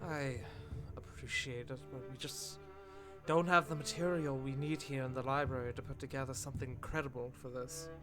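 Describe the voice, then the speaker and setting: A man's voice: medium pitch, steady tone, moderate pace, close to an everyday voice. Man playing a desperate young student mage, strained, pleading, music bed behind. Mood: earnest.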